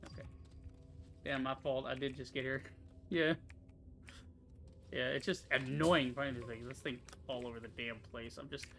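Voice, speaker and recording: This young streamer's voice sits at medium pitch with fairly even intonation, vocal fry, and a somewhat bright quality, plus a little hiss or hum. Commenting casually on his let's-play, he curses and mutters to himself when the game frustrates him, which happens quickly.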